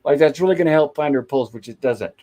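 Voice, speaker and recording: A man's voice: fairly high pitch, quick pace, dark tone. A man hosting a show, casually retelling an old TV episode scene by scene. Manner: acts out quoted lines while recapping, chatty. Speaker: host.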